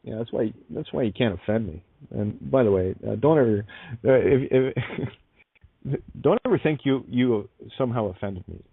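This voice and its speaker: A man's voice: mid-range voice, animated, moderate pace, gravelly, husky, dry recording. A man hosting an internet radio show, talking bluntly with swearing, laughing and restarting as he goes. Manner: blunt, profane, emphatic. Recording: tinny phone-like sound, dry.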